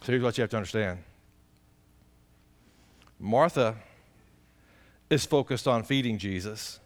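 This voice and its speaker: A man's voice: medium pitch, a little slow. A man, a pastor preaching a folksy, conversational sermon and putting direct questions to the congregation.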